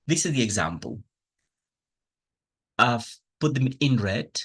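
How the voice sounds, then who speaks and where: Slow, husky-voiced male English teacher. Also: medium pitch, sing-song. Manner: slow, patient explaining with spoken examples; enthusiastic about teaching. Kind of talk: pronunciation lesson with slides.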